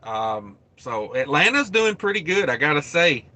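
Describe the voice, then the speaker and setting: Male livestream host, trucker, loose rambling chat, bright slightly high voice. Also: sing-song, normal speed, no room sound. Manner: rambling, thinks aloud, reads viewer names.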